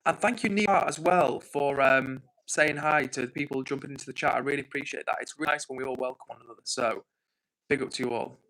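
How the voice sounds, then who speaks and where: An English man hosting a livestream from home, chatting casually and reading out comments in an excitable, quick way. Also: medium pitch, poor audio. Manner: excitable, fast-talking. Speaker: livestream host.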